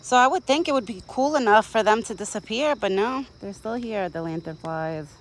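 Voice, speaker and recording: Outdoors in a rural yard, a young woman vlogger feeds a deer while chatting casually to her phone camera, rambling and talking fondly to the animal. Her voice is a little high and animated at a moderate pace. The poor audio has slight background noise, with insects and countryside ambience.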